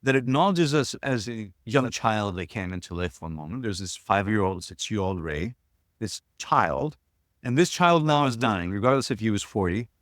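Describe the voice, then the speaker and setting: A man's voice: lowish voice, animated, normal speed, fairly bright tone, no room sound, clean studio sound. A man in his sixties telling personal stories as an interview guest, earnest and reflective, often restarting his sentences. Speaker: guest, shamanism teacher.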